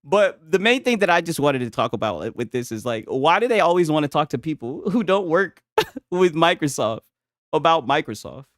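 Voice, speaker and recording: A young man with a slightly high voice, streaming in a loose, joking way with lots of slang. He keeps tossing "right?" to his chat. The sound is close and dry, with almost no room. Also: big pitch swings, moderate pace, no echo. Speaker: streamer reacting to gaming news and chat. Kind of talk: casual livestream commentary.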